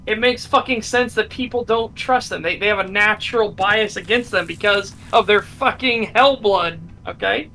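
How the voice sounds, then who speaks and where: A male streamer with a high, bright voice, talking in an excitable, casual way and swearing freely. Faint room ambience hums behind him. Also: normal speed, few pauses, a little hiss or hum, rough recording. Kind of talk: casual gaming chat.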